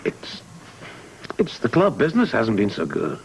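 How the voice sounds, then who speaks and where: An actor playing a secretive husband and club owner in a 1980s soap opera, defensive and placating. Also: male voice, on the low side, wildly swooping pitch, moderate pace, gravelly, a little hiss or hum, heavily acted, rough recording. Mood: evasive. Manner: defensive, placating, soothing apologies.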